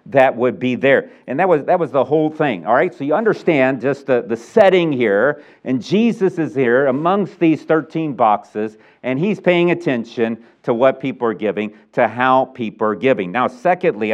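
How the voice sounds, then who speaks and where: A man preaching a sermon in a church, animated and playful, acting out scenes with sound effects. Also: medium pitch, moderate pace. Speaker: pastor.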